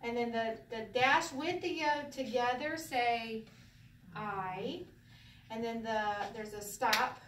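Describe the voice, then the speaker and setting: A fairly high-voiced woman leads a relaxed class, joking and laughing as she goes. She sits back from the microphone in a roomy, echoing space, with a faint hiss of room noise underneath. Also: slow pace, far from the mic. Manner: playful, laughs often, sing-song when demonstrating. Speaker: Hebrew teacher. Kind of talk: casual classroom teaching.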